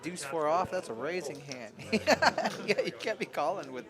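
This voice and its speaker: A man's voice: a little high, expressive, measured pace. A man doing casual, rambling live poker commentary with frequent laughter. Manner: chatty, laughs often, loose and rambling. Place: card room. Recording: card room crowd noise behind.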